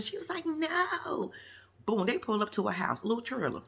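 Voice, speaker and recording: Woman vlogger with AAVE speech, sassy recap talk, lively swooping pitch, slightly husky. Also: normal speed. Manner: sassy, animated storytelling with acted-out quotes and laughs. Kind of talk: casual reality show recap.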